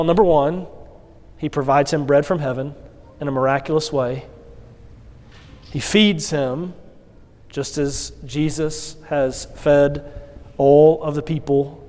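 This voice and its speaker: A pastor delivering a sermon, telling the story with expressive acted quotes. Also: male voice, a little high. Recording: long hall reverb.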